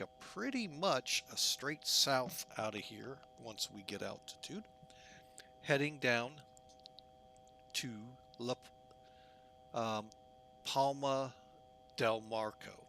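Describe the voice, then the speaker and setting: An unhurried man chats through his flight sim setup in a bright, forceful voice, joking and teasing himself along the way. A faint hum sits under his casual commentary. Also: medium pitch, lively intonation. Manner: chatty, jokey, self-mocking. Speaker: flight simulator streamer.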